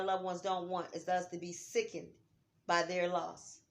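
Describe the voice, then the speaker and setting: A middle-aged woman talking at home about grief, heartfelt, dropping to near-whispers and rising to loud urging. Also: lowish voice, level tone, unhurried. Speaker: vlogger. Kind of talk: emotional vlog talk. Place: home, on a couch.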